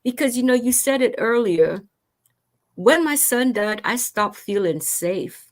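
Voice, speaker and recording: A woman's voice: on the high side, animated, measured pace. A woman hosting a conversation about grief, telling her own story in an earnest, emotional way. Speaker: host.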